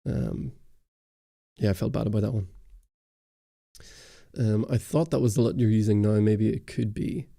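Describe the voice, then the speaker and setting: A man with a Northern Irish accent chats loosely on a livestream, rambling through viewer questions. His voice is dark and gravelly, with a dry, close-miked sound. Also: lowish voice, fairly even intonation, normal speed, long pauses, no room sound. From Northern Ireland. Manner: rambling, answers viewer chat. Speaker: YouTube host on a livestream. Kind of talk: casual livestream chat. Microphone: close studio mic.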